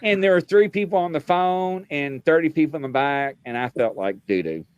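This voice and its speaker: A man's voice: a little high, expressive, fairly quick, clean tone, dry recording. A man co-hosting a podcast in casual chat, a rambling storyteller who laughs at himself. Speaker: podcast co-host.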